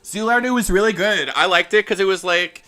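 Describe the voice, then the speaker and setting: A man's voice: high-pitched, a little fast, bright, forceful tone, clear, resonant tone. A young man streaming a game playthrough, chatting and rambling between lines and reading the characters' dialogue aloud. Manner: rambling, chatty, laughs often, voices characters loosely. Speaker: let's play streamer.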